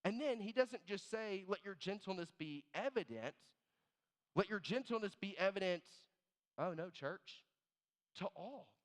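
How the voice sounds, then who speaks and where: A man preaching a sermon as pastor, animated and storytelling, dropping low and quiet on key words. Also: a little slow. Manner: animated storyteller, acts out both sides of little scenes. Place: church sanctuary. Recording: long reverb of a church hall.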